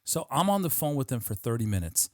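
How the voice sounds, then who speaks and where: A man hosts a podcast in loose, casual chat, winding through long stories and swearing freely. His voice sits at a middling pitch. The sound is dry and close, with almost no room around it. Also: sing-song, fast talker, no echo. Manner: rambling storyteller, swears casually, many restarts. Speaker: podcast host. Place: podcast studio.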